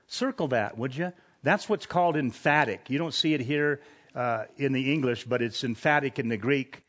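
A man preaching an expository sermon at an average pitch. He speaks earnestly and with emphasis, raising his voice on the points he wants to land. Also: normal speed, a bit bright.

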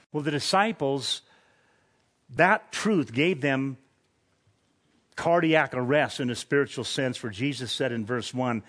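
A man preaching an expository sermon at an average pitch. He speaks earnestly and with emphasis, raising his voice on the points he wants to land. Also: a little slow, fairly bright tone.

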